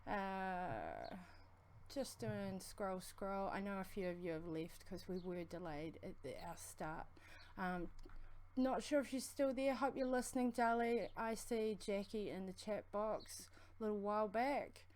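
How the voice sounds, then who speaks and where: A woman with a strong New Zealand accent co-hosting a livestream, talking fast in a rambling, friendly way. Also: mid-range voice, lively intonation. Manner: fast, rambling, affectionate shout-outs. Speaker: co-host of a vaping livestream. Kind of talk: casual livestream chat.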